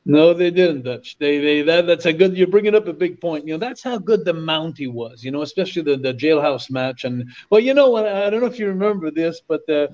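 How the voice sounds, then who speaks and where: Homme conteur enjoué, voix aiguë, son terne. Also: male voice, fairly high pitch, brisk, hardly any pauses. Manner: lively, repeats phrases for emphasis. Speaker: podcast guest, former wrestler. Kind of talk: animated storytelling. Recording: dull lo-fi audio.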